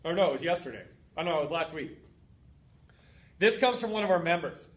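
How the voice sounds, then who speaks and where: A man's voice: on the high side, lively intonation, fairly quick. A man hosting a heartfelt motivational talk as a fitness coach, earnest and emphatic, stacking up repeated phrases.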